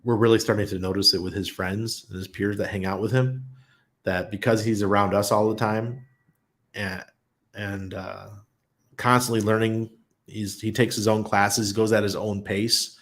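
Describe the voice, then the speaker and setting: A man's voice: fairly low pitch, level tone, moderate pace, a bit bright. A middle-aged man hosting a casual livestream, chatty and telling stories with easy laughs, reading out viewer comments. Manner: chatty, storytelling, laughs easily. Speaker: host of a crypto channel.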